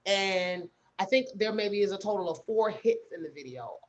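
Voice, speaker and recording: Female podcast co-host, casual animated storyteller, mid pitch, lo-fi recording. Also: normal speed. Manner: animated storytelling with quoted voices. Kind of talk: casual chat.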